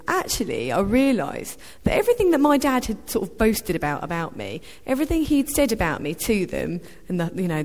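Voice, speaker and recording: A woman's voice: mid-range voice, darkish tone. Hesitant woman sharing in church. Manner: hesitant, with frequent ums. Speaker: church member sharing a prophetic word. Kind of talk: informal testimony. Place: church hall. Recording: reverberant church hall.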